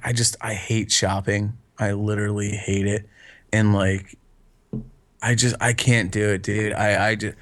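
A young man in casual chat, rambling and swearing, laughing often as he talks. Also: fairly low pitch.

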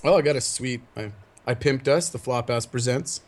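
A man's voice: medium pitch, normal speed. Rowdy, giggly male podcast co-host. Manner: rowdy storyteller, giggly and loud. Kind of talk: casual podcast chat.

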